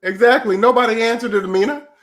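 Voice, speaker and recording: A man's voice: very high-pitched, fast. A man hosting a livestream, ranting in a preachy, mocking way while reading chat, with a voice still getting over a cold. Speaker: channel host.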